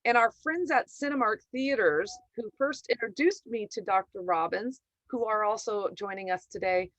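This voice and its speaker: A woman's voice: medium pitch, moderate pace, a bit bright, no room sound, rough recording. A woman hosting an online meeting, introducing the guest speaker with enthusiasm. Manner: upbeat, enthusiastic. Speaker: meeting host.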